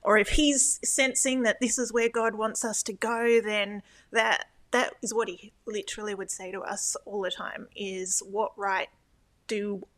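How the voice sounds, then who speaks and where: A woman's voice: medium pitch, fairly even intonation, moderate pace, few pauses, fairly bright tone. Hesitant, reflective woman interviewee. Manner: reflective, hesitant, many fillers and restarts. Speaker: guest, former church elder.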